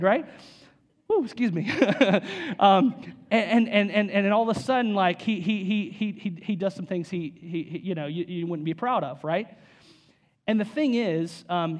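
A man preaching a sermon in an animated, conversational way, with frequent repeats and asides to the congregation. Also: high-pitched. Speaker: pastor.

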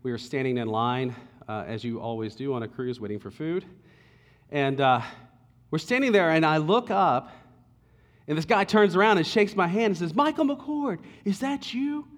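A man's voice: on the high side, normal speed. Male pastor preaching in an echoing hall. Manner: conversational storytelling, drops to hushed tones. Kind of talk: sermon.

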